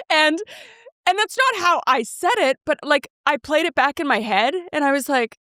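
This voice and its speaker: A woman's voice: high voice, wildly swooping pitch, unhurried, long pauses, bright, forceful tone, no echo, studio quality. A woman co-hosting a podcast, telling a rambling, self-mocking story in casual chat and quoting herself and others. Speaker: podcast co-host.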